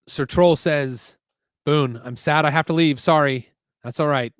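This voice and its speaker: A man's voice: on the high side, a little slow, clean tone, no echo, studio quality. A man hosting a casual livestream from his garage, building a set while thinking aloud and reading out viewer messages. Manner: chatty, muses aloud, reads chat messages. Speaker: LEGO building livestream host. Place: home garage.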